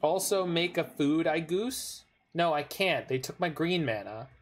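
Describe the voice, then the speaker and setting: A man's voice: a little high, a little slow. A man giving casual commentary on his own card game, talking to himself and swearing when plays go wrong. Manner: frustrated outbursts and swearing; talks to himself while playing. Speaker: gaming streamer.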